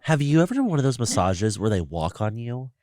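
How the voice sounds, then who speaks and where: Animated man telling a story. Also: mid-range voice, brisk, no echo, studio quality. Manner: animated storyteller, acts out quotes. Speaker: podcast co-host. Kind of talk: casual chat.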